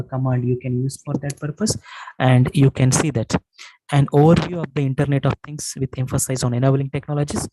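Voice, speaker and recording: A man instructing an online workshop, explaining step by step in a halting way with many fillers and restarts. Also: mid-range voice, darkish tone, a little hiss or hum, low-quality recording. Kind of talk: screen-share tutorial lecture. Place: online session, voice from his own room.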